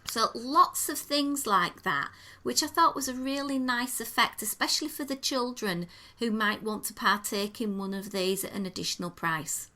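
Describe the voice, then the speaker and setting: A woman tells a podcast co-host all about a restaurant visit. Her voice is bright and forward, and she talks in an easy, enthusiastic way, painting each detail as she goes. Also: on the high side, normal speed, hardly any pauses. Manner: chatty, descriptive, enthusiastic storytelling. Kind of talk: casual chat, restaurant review.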